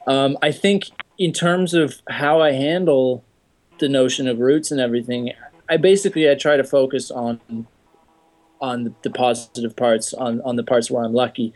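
A man's voice: medium pitch, steady tone, moderate pace, a little mellow. Male podcast guest, mid voice, hesitant, reflective, filler-heavy. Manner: hesitant, thoughtful, many fillers. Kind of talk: casual podcast talk.

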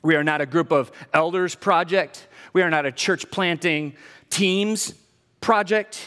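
A man's voice: fairly high pitch, unhurried, fairly bright tone, clean tone. A middle-aged man, a pastor, preaching a sermon emphatically, with humor and rhetorical questions to his congregation in a church sanctuary. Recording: long hall reverb.

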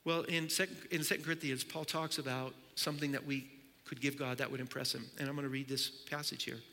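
A man preaching a sermon as pastor, telling stories with animated acted-out dialogue. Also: medium pitch, fast talker, in a large hall.

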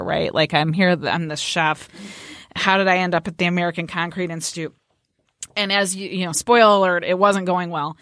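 A woman's voice: fairly low pitch, a bit bright, dry recording, clean studio sound. A woman telling an emotional story in a casual podcast conversation, earnest and heartfelt.

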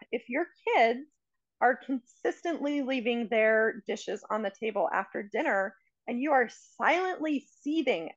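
Woman, coach type, gravelly edge, earnest, reflective; muffled dry recording. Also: high voice, no room sound. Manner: earnest, reflective, gives examples. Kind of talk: casual conversation. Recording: dry, dull lo-fi sound.

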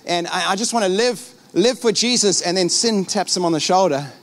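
A middle-aged man preaching as a pastor, animated and acting out little scenes. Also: sits high, brisk. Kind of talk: sermon.

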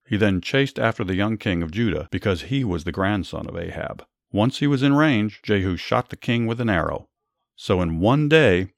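A man narrates Bible stories and then explains them, reading in a measured, earnest way. His voice sits low. The sound is dry, with no room echo. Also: expressive, creaky. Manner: measured, earnest reading, small restarts in commentary. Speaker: storyteller and Bible teacher. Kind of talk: Bible story narration with commentary.

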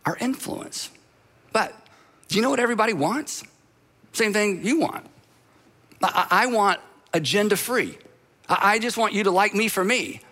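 A man's voice: sits high, a bit bright. A middle-aged male pastor delivering a sermon in a conversational way, with humorous asides and repeated phrases.

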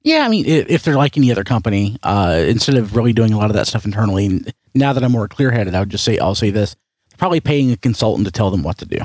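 Man, podcast host, low voice, lively pitch, dry close mic, rambling, jokey. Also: fast talker, dry recording. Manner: rambling, self-correcting, jokey. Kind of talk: casual chat.

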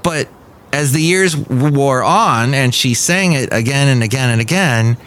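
A man's voice: mid-range voice, measured pace, fairly bright tone, slight background noise. Male podcast host, digressive sardonic riffs, mid-range voice, recorded outside with faint background ambience. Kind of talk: rambling comedic monologue. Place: outdoors outside a café.

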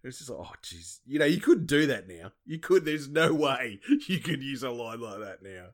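A man co-hosting a casual movie podcast, chiming in with animated reactions and laughter. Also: medium pitch, normal speed. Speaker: podcast co-host.

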